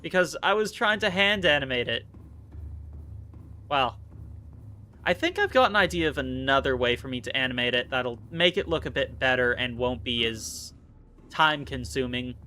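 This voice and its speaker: A man's voice: mid-range voice, bright, forceful tone, a little hiss or hum. A man streaming a game live, chatting casually and playfully, often slipping into theatrical mock-rage rants. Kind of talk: casual live-stream commentary while playing.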